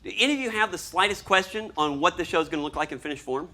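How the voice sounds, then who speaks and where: Animated man acting out his stories. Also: high-pitched, quick pace. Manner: animated, acts out scenes and voices. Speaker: storyboard artist giving a talk. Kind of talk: lively presentation to an audience.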